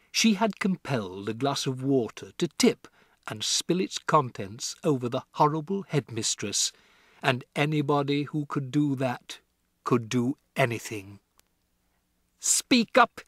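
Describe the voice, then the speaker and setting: A man reading a children's novel aloud as an audiobook narrator, with expressive storytelling. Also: mid-range voice, measured pace, no echo, clean studio sound. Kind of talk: scripted narration.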